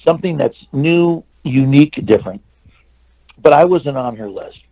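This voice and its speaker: A man's voice: on the high side, lively intonation, normal speed, dark tone, dry recording, rough recording. An older man, an actor and stuntman, telling long rambling anecdotes in a casual interview and acting out the lines of the people in them. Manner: rambling anecdotes with restarts and acted-out quotes.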